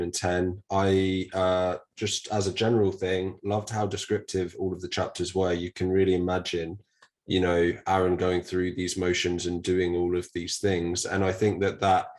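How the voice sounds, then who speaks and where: Low-voiced British man with a slight lisp. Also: darkish tone. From Britain. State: slight lisp from a mouth ulcer. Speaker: podcast co-host. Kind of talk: casual Bible chat.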